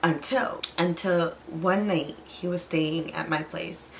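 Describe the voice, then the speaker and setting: A woman's voice: fairly low pitch, fairly even intonation, slow, gravelly, a little hiss or hum, rough recording. A young woman vlogger telling a personal story in casual chat, full of "like" and acted-out quotes. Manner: chatty, fills with "like", acts out quoted lines.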